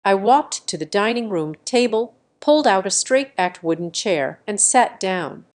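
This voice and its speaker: A young woman in her twenties narrating a first-person story in a calm, measured, composed way. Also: mid-range voice. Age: 20s.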